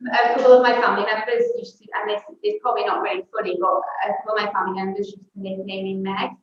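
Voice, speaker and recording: A woman guest sharing her personal story candidly and a little hesitantly, with soft laughs. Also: medium pitch, racing. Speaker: interview guest. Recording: echoey, distant, dull remote audio with faint noise.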